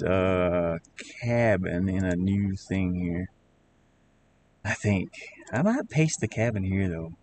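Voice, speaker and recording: A man with a Southern accent chatting casually on a live stream while he builds a game, rambling in halting, self-correcting bits. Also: low-pitched, lively intonation, darkish tone, a little hiss or hum. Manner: rambling, halting, restarts words.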